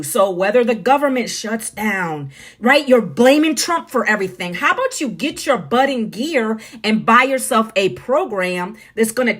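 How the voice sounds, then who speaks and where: A woman's voice: fairly high pitch, a bit bright, husky. A middle-aged woman from the United States, talking bluntly and preachily to viewers on a phone live stream. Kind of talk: casual live-stream monologue.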